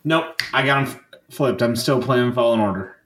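A man's voice: mid-range voice, normal speed, a bit bright, echoey room. A man co-hosting a podcast in casual chat, joking and swearing freely. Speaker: podcast co-host.

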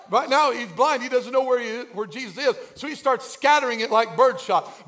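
A man preaching a sermon as pastor, acting out the scene and swinging from hushed asides to shouted cries. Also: high voice, lively intonation, moderate pace. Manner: dramatic, acts out voices, swings from hushed to shouting.

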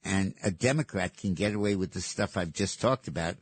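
A man's voice: low-pitched, fairly quick, husky, dry recording. A man hosting political talk radio, speaking in an emphatic, sardonic way. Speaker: radio talk show host.

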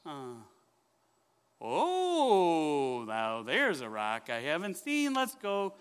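A man voicing a carefree young male sheep who mumbles softly to himself as he wanders, with a long church echo. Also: fairly high pitch, huge pitch swings, drawn-out words, clean tone, exaggerated voice. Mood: dreamy. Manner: soft, mumbling, easily distracted.

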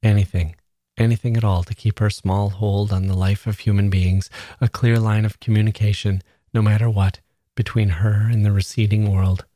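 A man reads literary fiction aloud in a measured, unhurried way. His voice is low and mellow, with a soft, dark tone. The sound is close and dry, with no room echo. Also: flat delivery. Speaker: narrator. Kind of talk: literary reading.

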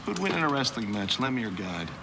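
An actor playing a suspicious young rock musician who quizzes a visitor in a film scene. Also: male voice, mid-range voice, sing-song, fast talker, noisy background. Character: suspicious young male rocker. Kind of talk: film dialogue.

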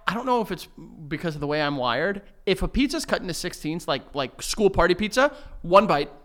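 A New man co-hosts a podcast in loose, joking, profane chat. His voice is bright and smooth, sitting a little high. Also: sing-song, fairly quick. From New York. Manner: joking, profane, does mock accents. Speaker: podcast co-host. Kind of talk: casual chat.

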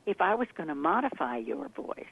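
A woman accent coach telling stories in an animated way as an interview guest, laughing often. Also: on the low side, a little fast, breathy edge. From Texas, part of childhood. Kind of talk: interview over the phone. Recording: tinny phone line.

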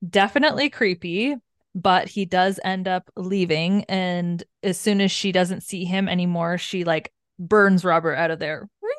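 Young woman co-host, low voice, easygoing book chat, dry mic. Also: moderate pace, clean tone, dry recording. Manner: calm recapping, agreeable murmurs. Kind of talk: casual book-club chat.

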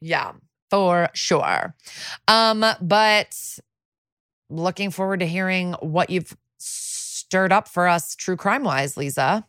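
Animated woman recapping, dry close sound. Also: on the low side, takes it slowly, clean tone, no echo. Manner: animated, swearing, acts out quotes. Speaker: podcast co-host. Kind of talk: casual recap of a TV episode.

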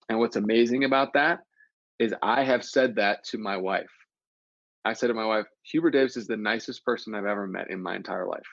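A man's voice: on the low side, no room sound, lo-fi sound. A man talking earnestly and reflectively in a casual chat, often restarting his sentences. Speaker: podcast guest, former player.

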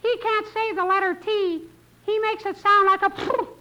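A woman's voice: extremely high pitch, fairly even intonation, normal speed. A woman voicing a mischievous little boy in a 1940s radio comedy, with childlike, piping speech on a hissy old recording.

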